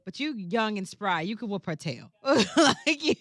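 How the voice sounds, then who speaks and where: A woman's voice: mid-range voice, unhurried, no echo. A young woman co-hosting a talk show, chatting casually in slangy, colloquial speech and telling stories with voiced quotes. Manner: animated, laughing, storytelling with voiced quotes. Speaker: radio co-host. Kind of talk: casual chat.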